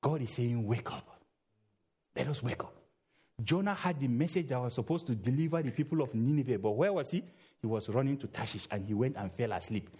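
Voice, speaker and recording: A middle-aged man preaching a sermon in a church, urging loudly, then dropping low. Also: breathy edge. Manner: emphatic, swings between loud urging and low murmurs.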